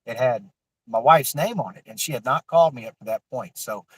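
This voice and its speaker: A man, telling a raw, emotional personal story with cursing and halting restarts. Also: medium pitch, fairly bright tone, breathy edge, no echo, low-quality recording. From Florida Panhandle.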